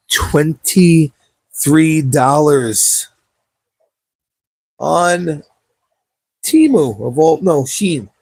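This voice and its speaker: A laid-back young man winds down his gaming livestream, rambling and swearing freely into a cheap wireless mic. His voice is gravelly and warm, a little husky, and the sound is dry and close with no room behind it. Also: medium pitch, no room sound. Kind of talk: casual livestream chat.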